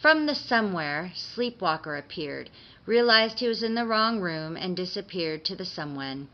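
A woman narrating a dark fairy-tale story as a steady reader, on slightly dull audio. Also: lowish voice, normal speed.

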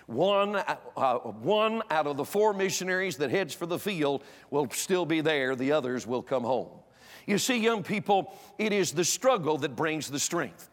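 An older man preaching a sermon, emphatic, moving between loud exhortation and hushed personal storytelling. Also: fairly high pitch. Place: church auditorium. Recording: long hall reverb.

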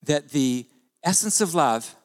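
Animated male pastor in a reverberant hall. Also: fairly high pitch, slow. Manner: animated, conversational preaching with rhetorical questions. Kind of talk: sermon.

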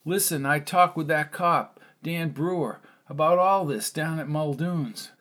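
A man voicing a tough, protective middle-aged uncle in an audiobook, gruff and blunt, given to cursing. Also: a little high, unhurried, fairly bright tone. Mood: angry. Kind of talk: audiobook character reading.

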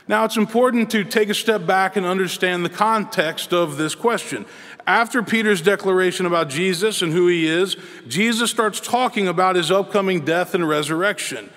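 High-voiced male pastor preaching in a hall. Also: fairly bright tone. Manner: earnest, measured preaching with pauses. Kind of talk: sermon. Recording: long reverb in a large hall.

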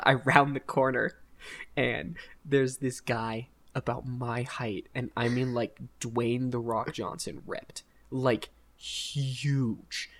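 A young man hosting a podcast, telling a college story in a casual, rambling, animated way with frequent laughter. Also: mid-range voice. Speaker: podcast host.

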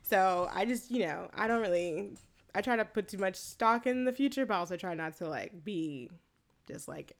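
A woman's voice: mid-range voice, expressive, normal speed. Laid-back woman in her late twenties, laughing. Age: late 20s. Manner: laid-back, swears freely, laughs often. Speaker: podcast co-host recapping a film. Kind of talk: casual chat.

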